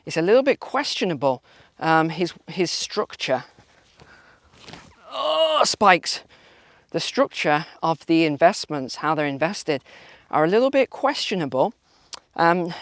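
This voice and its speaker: A man's voice: high-pitched, no room sound, clean studio sound. A man hosting a walking vlog outdoors, talking in a sarcastic, mocking way. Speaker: vlog host. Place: outdoors on a walk.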